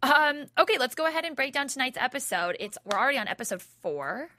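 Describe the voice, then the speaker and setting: A woman's voice: sits high, very animated, fast talker, sharp tone, a little hiss or hum. A young woman co-hosting a casual fan chat, bubbly and giggly. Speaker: co-host of a fan recap show. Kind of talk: casual chat recapping a TV episode.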